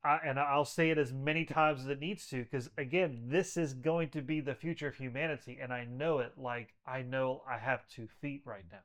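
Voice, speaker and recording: A man's voice: medium pitch, fairly even intonation, normal speed, few pauses, fairly bright tone. Guy guesting on a podcast, earnest, leans hard on his points and repeats them. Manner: earnest and emphatic, builds up with repetition. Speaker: podcast guest, health practitioner. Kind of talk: conversational interview storytelling.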